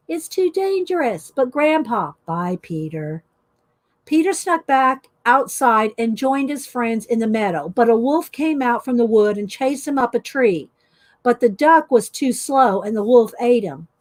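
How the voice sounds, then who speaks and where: A woman hosting a casual art journaling chat from home, reading stories aloud with expression and laughing often. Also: on the high side. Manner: chatty, warm-hearted, laughs often, reads stories with expression. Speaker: art journaling video host.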